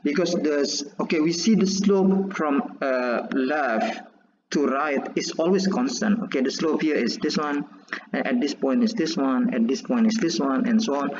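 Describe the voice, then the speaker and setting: A man teaching calculus while drawing graphs, halting and restarting often as he explains. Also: on the high side, a little hiss or hum. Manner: halting, many restarts and fillers. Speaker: math teacher. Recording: echoey, dull lo-fi recording.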